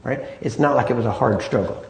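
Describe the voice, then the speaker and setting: A man's voice: mid-range voice, fast talker, gravelly. A man preaching a sermon in an easy, conversational way, often asking "Amen?" and "right?" to draw agreement. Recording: echoey room.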